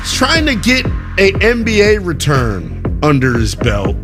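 A man's voice: high voice, wildly swooping pitch, a little slow, over music. Boisterous joking sports radio host, man. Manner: boisterous, joking, self-mocking.

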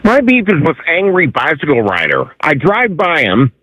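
A man's voice: a little high, huge pitch swings, normal speed, no echo. A man calling a radio show, exasperated as he airs a gripe. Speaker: caller. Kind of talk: ranting radio call. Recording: dull dry phone line.

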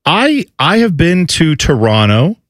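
A man on a talk radio show rambling through a long anecdote. His pitch swings widely as he talks, and the dry studio sound sits close and clean with no room around it. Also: sing-song, a little slow, fairly bright tone, no echo. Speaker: radio co-host. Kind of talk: casual sports-radio banter. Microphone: studio microphone.

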